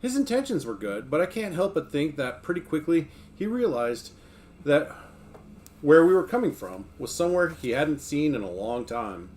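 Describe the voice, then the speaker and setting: A man's voice: a little high, sing-song, normal speed, a little mellow. Laid-back man chatting and reading aloud. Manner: laid-back, joking, talks to chat between passages. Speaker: streamer reading a book aloud. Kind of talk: casual stream chat and reading aloud.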